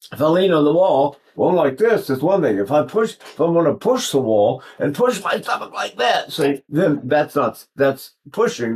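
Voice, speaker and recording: A man's voice: fairly high pitch, a little mellow. An older man, a voice teacher, giving a rambling lesson on vocal technique that he breaks up with short sung demonstrations.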